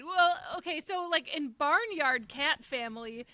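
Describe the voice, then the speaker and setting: A woman's voice: high voice, lively intonation, unhurried, pushed and bright, no room sound. A woman in her thirties co-hosting a casual chat, telling a story with lots of laughter and acted-out dialogue. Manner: laughs through stories, acts out dialogue. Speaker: podcast co-host.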